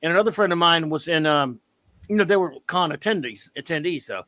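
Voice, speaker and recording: Excitable, rambling man hosting a chat. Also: fairly high pitch, fast talker, no room sound. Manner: rambling, self-correcting, excitable. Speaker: podcast host. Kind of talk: casual live-stream chat.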